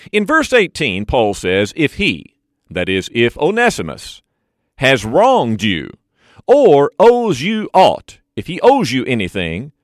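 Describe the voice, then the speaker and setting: Lively, expressive male preacher. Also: no room sound, clean studio sound. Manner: expository preaching with lively swings in pitch and slowed emphasis on key phrases. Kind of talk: sermon.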